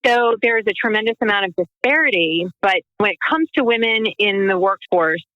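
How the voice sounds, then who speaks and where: A woman's voice: mid-range voice, bright, forceful tone, no echo, highs cut off. A woman, a guest on a podcast, answering questions in an earnest, persuasive way and leaning on statistics. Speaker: guest, founder of a women's business group. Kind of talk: interview answers.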